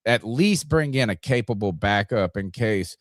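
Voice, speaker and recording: A man's voice: fairly low pitch, animated, moderate pace, dry recording, studio quality. A man hosting a sports podcast, reading an ad and giving rambling, casual game analysis. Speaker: podcast host. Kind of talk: casual sports talk and ad read.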